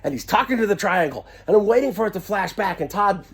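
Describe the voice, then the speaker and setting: Male comic storyteller, husky voice with a lively, swooping pitch; excitable, giggly, filmed on a handheld camera. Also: fast. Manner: excitable, giggling, shouts quoted lines.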